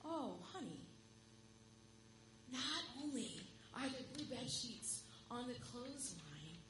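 A woman voicing a kind young man on a train in a church story, gentle and warmly reassuring. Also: fairly high pitch, slow pace. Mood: joyful. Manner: gentle, then joyfully excited. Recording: echoey room with steady hum.

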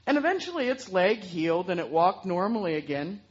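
A woman telling a story aloud in an animated way, throwing in sound effects. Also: fairly low pitch, fairly quick, slightly rough, muffled recording. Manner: lively, with vocal sound effects.

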